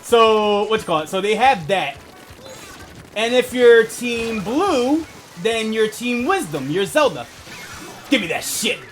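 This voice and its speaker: Faint music plays behind a young asthmatic man streaming a video game, who rambles profanely and laughs often. He speaks slowly in a high, sing-song voice with a fairly bright tone.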